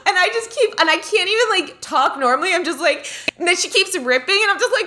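A woman's voice: extremely high pitch, animated, brisk, bright, forceful tone. A young woman co-hosting a casual chat, telling a story animatedly and laughing often mid-sentence.

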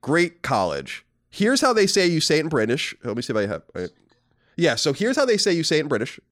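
A man's voice: on the high side, huge pitch swings, fairly quick, fairly bright tone, no echo, studio quality. An American man co-hosting a casual podcast, reading listener letters and teasing his audience in an upbeat, joking way. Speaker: podcast co-host.

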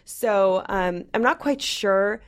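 A woman's voice: mid-range voice, slow pace. A woman in her thirties talks as a podcast co-host in a mid-range voice. Her chat is loose and candid, with plenty of swearing. She keeps stalling on "um" and "like" as she thinks aloud. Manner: frank and profane, full of "um" and "like". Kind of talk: casual chat.

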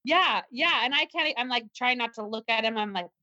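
A woman's voice: on the high side, a little fast, bright, forceful tone, dry recording. A woman guest telling a personal story in an interview, earnest and tense, often restarting her sentences. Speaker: guest, self-defense teacher. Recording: slightly dull, muffled recording.

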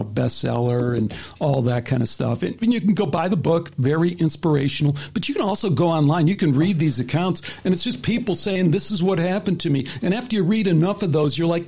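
A man's voice: fairly high pitch, creaky, darkish tone, husky. A man hosting a casual talk show, animatedly retelling a story and acting out the voices in it. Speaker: podcast host.

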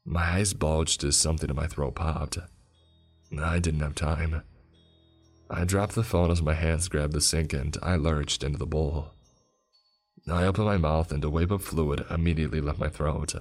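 A man tells a dark first-person horror story in a grim, measured voice. His voice sits extremely low. Soft music plays faintly behind him. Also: fairly even intonation. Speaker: narrator.

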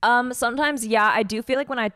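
A woman's voice: on the high side, fast, fairly bright tone, no echo, studio quality. A twenty-year-old woman, a pop singer guesting on a podcast, talking casually with a sarcastic, candid manner and laughing at herself.

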